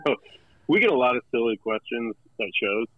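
A man talking as a guest in a casual interview, relaxed and halting with many fillers. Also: medium pitch, highs cut off. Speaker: guest, company representative.

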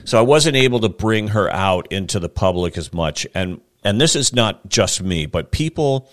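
A man hosting a casual interview, talking in an animated, rambling way with frequent restarts. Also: lowish voice, moderate pace, no echo, clean studio sound. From California. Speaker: podcast host.

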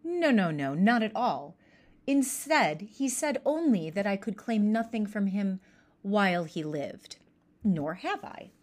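A woman doing a smooth-talking scheming uncle. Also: mid-range voice.

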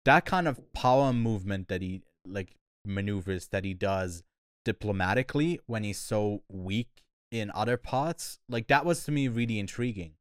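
A man co-hosting a casual film review podcast, talking in a thoughtful, hesitant way with many pauses. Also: on the low side, no room sound, studio quality. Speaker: podcast co-host.

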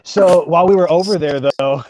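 A man's voice: fairly high pitch, moderate pace, a little mellow, a little hiss or hum. A man guest on a podcast, chatting casually and cracking small jokes about his time away. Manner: easygoing, joking, apologetic when interrupting. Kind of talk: casual chat.

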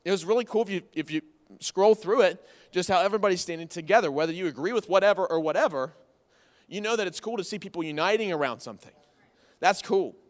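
Speaking quickly in a high voice, a pastor in his thirties gives a folksy, conversational sermon. He repeats key phrases to stress them, and the recording carries long reverb from the hall.

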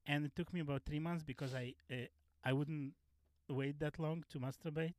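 A man who is a podcast guest, telling personal stories in casual chat, halting and restarting often. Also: fairly high pitch, steady tone, darkish tone, no room sound. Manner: halting, many fillers and restarts, frank.

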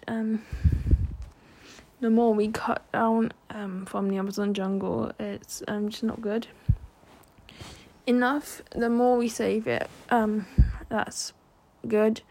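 This is a solo podcast monologue from a young woman hosting her own show. Her voice sits a little high with a darkish tone, and she talks earnestly, full of ums and restarts.

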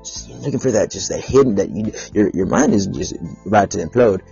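A man's voice: on the low side, animated, a little fast, gravelly, warm tone, dull audio, faint music behind. A man hosting his own podcast livestream, rambling in a profane, self-aggrandizing way. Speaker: podcast host.

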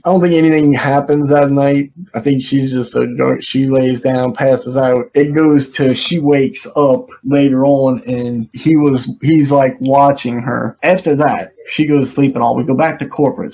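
A man with a mellow, rounded voice at an ordinary pitch, chatting on a podcast. He recaps the plot in a loose, meandering way, leaning on "like" and "you know" as he goes. The tone is casual and conversational throughout. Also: a little hiss or hum, low-quality recording. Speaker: podcast co-host recapping an episode. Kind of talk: casual chat.

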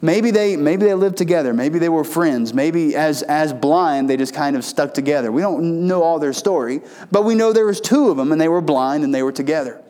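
A man preaching a sermon in a folksy storytelling way, often restarting his phrases and rising in pitch for emphasis. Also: animated, normal speed, hardly any pauses, mellow. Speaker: pastor.

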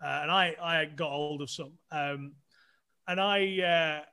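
A man's voice: on the high side, slow, sharp tone, clear, resonant tone. A middle-aged man with a chatty, self-deprecating manner, telling stories casually as a podcast guest, with many restarts. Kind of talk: casual storytelling.

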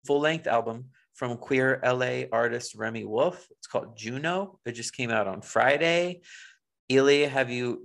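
A man's voice: medium pitch, vocal fry, a bit bright. A man co-hosting a podcast in casual chat, playful and chatty, laughing often. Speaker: podcast co-host.

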